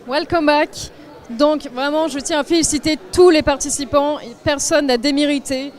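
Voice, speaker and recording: A woman with a very high voice and a strong French accent presents a live podium ceremony. She talks in a chatty, self-deprecating way and trips over the names she reads out. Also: fairly even intonation, brisk, faint music behind. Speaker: on-site event presenter.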